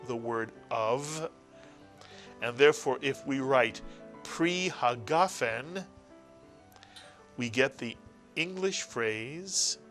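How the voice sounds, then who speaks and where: A man's voice: mid-range voice, fairly bright tone. A man teaching a recorded language lesson, patiently sounding out letters and syllables one at a time. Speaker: Hebrew teacher.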